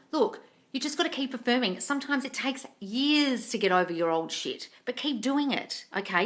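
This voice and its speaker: A woman hosting a livestream Q&A from a room at home into a tablet, animated, swearing freely and calling listeners darling. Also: mid-range voice. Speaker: host answering viewer questions. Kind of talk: livestream Q&A chat. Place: room at home with door open.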